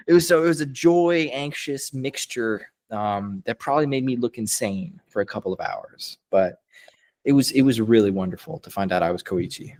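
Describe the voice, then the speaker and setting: A young male voice actor is a guest on a casual podcast interview, speaking at medium pitch and a moderate pace. He's upbeat, laughs often, and grows lively when retelling things.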